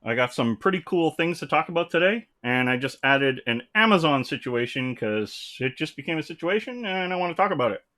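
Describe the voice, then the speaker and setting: A man's voice: on the high side, lively intonation, a little fast, few pauses, bright, forceful tone. A man hosting a live stream from his room, rambling casually and greeting viewers as they join. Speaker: livestream host. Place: home room. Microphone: desk mic.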